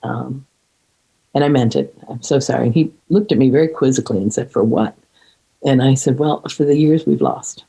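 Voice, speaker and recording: A middle-aged woman in a reflective conversation, speaking earnestly and haltingly, with many restarts and fillers. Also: a bass voice, creaky, dark tone, slightly rough, low-quality recording. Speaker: podcast guest.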